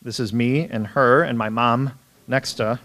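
A man's voice: mid-range voice, fairly even intonation, unhurried, fairly bright tone. Man telling funny childhood stories. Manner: humorous, self-deprecating anecdotes with frequent fillers. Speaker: priest. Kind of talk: storytelling talk.

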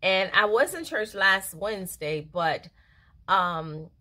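Speaking slowly in a medium-pitched, pushed and bright voice, a middle-aged woman reads a daily devotional aloud. She reflects on it in a casual, earnest, emotional way and laughs easily.

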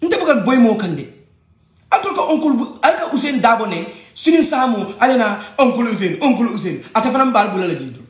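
A man's voice: very high-pitched, sing-song, fast. A man with a Gambian accent giving a heated personal rant, agitated and repeating his points. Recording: echoey room.

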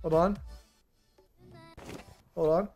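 A young man commentating a game on a live stream, excitable, swearing, laughing and shouting at what happens. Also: a little high, drawn-out words, soft background music.

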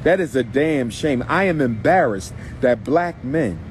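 A man's voice: mid-range voice, animated, unhurried, slight background noise. A man giving an impassioned, preachy monologue in reply to a clip. He repeats himself for emphasis and keeps calling the listener brother. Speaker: commentator responding to a clip.

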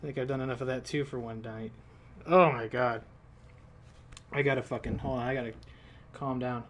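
A man's voice: medium pitch, fairly even intonation, normal speed, a little hiss or hum. A man streaming a video game, telling a rambling, profane story in casual live-stream chat.

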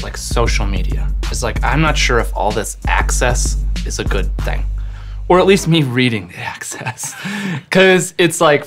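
A Canadian man in his thirties chats as an interview guest, animated and story-driven, often switching into voices. His pitch sits mid-range, and faint music plays under him. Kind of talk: casual interview chat.

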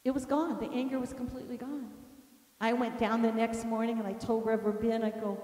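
Lady telling her story to a class, high voice, sounds far from the mic in a big echoey room. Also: normal speed. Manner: animated, emphatic storytelling to a class. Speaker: teacher of an inner healing course. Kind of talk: personal storytelling lesson.

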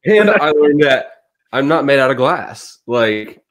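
A man's voice: medium pitch, very animated, slow, fairly bright tone. A man in casual conversation, telling blunt childhood stories, swearing freely and laughing as he talks. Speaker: guest.

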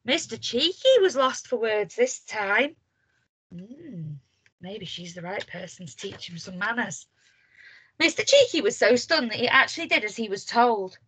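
A primary school teacher reads a picture book aloud to young children, stopping to ask them questions. Her voice sits on the high side, with an unhurried pace and a breathy edge, and her manner is animated.

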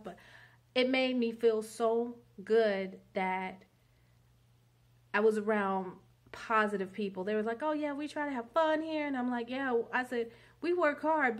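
A woman vlogger telling a long story in a rambling, chatty monologue. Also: a little high. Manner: chatty, rambling, many fillers.

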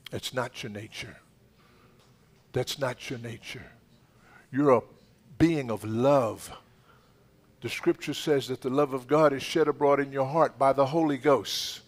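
Fervent pastor man commanding healing prayers. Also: medium pitch. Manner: fervent, commanding, swings from loud shouted rebukes to hushed murmurs. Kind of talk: charismatic healing prayer at a church service. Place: church sanctuary.

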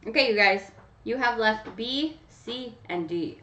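A woman's voice: a little high, animated, moderate pace, sharp tone. A woman hosting a casual live stream, chatting directly to her viewers by name as she runs a giveaway. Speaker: livestream host running a nail polish giveaway. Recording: roomy, distant, dull home mic.

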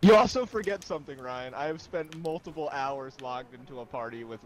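A man's voice: mid-range voice, a little fast, rough recording. A man chatting on a gaming stream, trash-talking crudely and laughing with the host. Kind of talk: casual gaming banter.

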